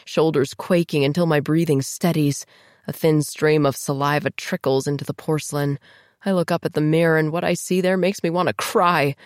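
Female audiobook narrator, low voice, tense emotional first-person read, dry close mic. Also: no room sound.

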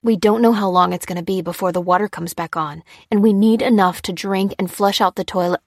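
A woman's voice: medium pitch, fairly quick, dry recording, clean studio sound, close to an everyday voice. A woman reading the lines of a tense adult man, clipped and insistent, in a storybook reading. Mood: urgent.

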